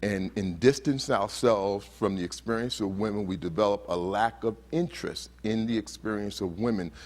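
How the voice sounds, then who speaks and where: A man giving a motivational talk at a conference. He asks the audience questions and acts out heated quotes. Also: lowish voice. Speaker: conference speaker. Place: conference hall.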